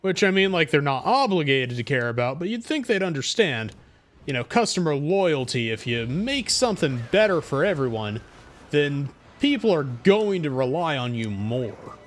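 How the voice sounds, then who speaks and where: A young man streaming a game and ranting to chat, profane and quick to anger. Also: on the high side, very animated. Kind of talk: casual gaming stream chat.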